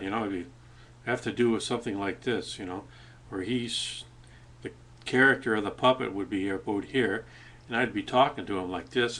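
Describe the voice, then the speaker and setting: Casual male vlogger with a lowish voice, talking off the cuff into a webcam at a cafe, rambling and full of fillers. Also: a bit bright. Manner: rambling, with many fillers and restarts.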